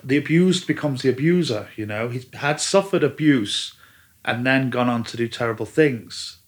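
A man's voice: mid-range voice, moderate pace. Rambling, stop-start man in casual chat. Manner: rambling, many restarts and fillers. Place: lives in a German-speaking country.

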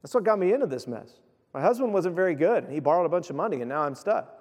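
High-voiced preacher in a reverberant hall. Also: male voice, fast talker. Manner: animated, conversational preaching with quoted voices. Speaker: pastor. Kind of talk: sermon.

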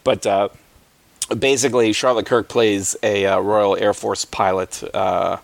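A man hosting a film podcast, talking loosely with lots of ums and little chuckles. His voice sits low and has a gravelly, creaky edge. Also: little pitch movement, measured pace, no room sound. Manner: rambling, lots of fillers, chuckles often. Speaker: podcast host. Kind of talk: casual chat.

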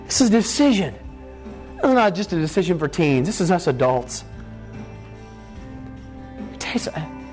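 A man in his twenties preaching an altar call, impassioned and pleading, moving between hushed appeals and urgent outbursts. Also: sits high, very animated, moderate pace, long pauses, soft background music. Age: 20s.

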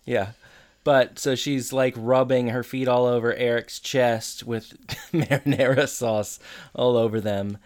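A co-host in casual chat, adding plot details and quick agreements. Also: mid-range voice. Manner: relaxed, chimes in with plot details and short agreements. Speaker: podcast co-host recapping a sitcom episode.

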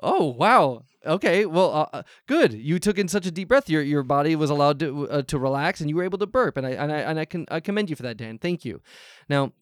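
An actor playing a nervous, overly polite advice-show host who stammers constantly, heard over a video call. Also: male voice, fairly high pitch, animated, fairly quick, dry recording, studio quality, natural voice. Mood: soothing. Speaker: improv comedy host.

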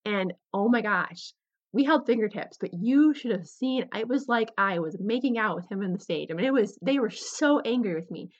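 A young adult woman hosting a podcast, telling a personal story in an animated, candid way. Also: medium pitch, moderate pace. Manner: animated, candid, slips into quoted voices. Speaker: podcast host. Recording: slightly dull lo-fi recording.

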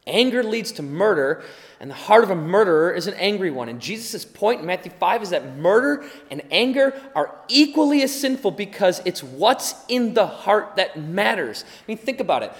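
A man's voice: high voice, very animated, moderate pace, few pauses. Male preacher, light upper voice, chatty sermon delivery, reverberant hall. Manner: conversational, acts out quoted voices.

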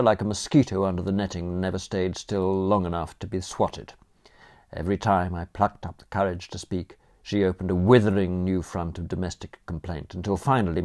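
A man reading first-person comic narration for an audiobook in a wry, animated manner. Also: low-pitched.

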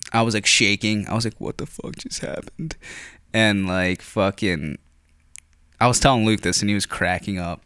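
Young Philly guy, lowish voice, dry close sound, swears and rambles through a casual story. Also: moderate pace, a bit bright, no room sound. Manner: rambling, profane, filler-heavy, frequent throat clearing.

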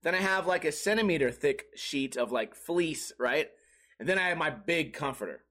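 A man with a high-pitched voice hosts a solo comedy podcast, talking casually and rambling from one gripe to the next. His delivery is profane and sarcastic, and he keeps slipping into mocking voices. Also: expressive, normal speed, sharp tone. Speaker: podcast host.

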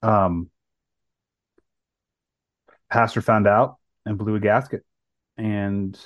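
A man with a very low voice tells a personal story on a podcast, earnest and full of ums and restarts. The sound is dry and somewhat dull, with no room echo. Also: little pitch movement, extremely slow. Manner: earnest, many fillers and restarts. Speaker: podcast co-host.

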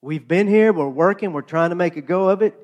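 A man's voice: sits high, fairly quick, darkish tone, dull audio, lightly acted. A man voicing a pompous, self-important male flea in a storybook tale, talking down and growing impatient. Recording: long hall reverb.

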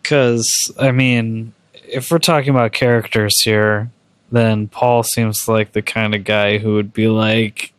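A man's voice: on the low side, little pitch movement, slow pace, smooth, no room sound. A man giving hesitant replies in a casual chat as a co-host.

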